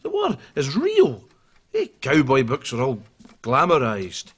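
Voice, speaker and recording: An actor playing a grumpy older Scottish man who bickers over books, with a gruff Scottish accent. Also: medium pitch, huge pitch swings, a little slow, full character voice.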